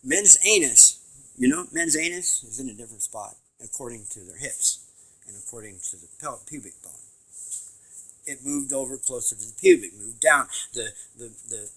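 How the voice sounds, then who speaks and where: A man giving a rambling home video lecture, emphatic and swinging from loud to quiet. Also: mid-range voice, expressive, moderate pace, rough recording.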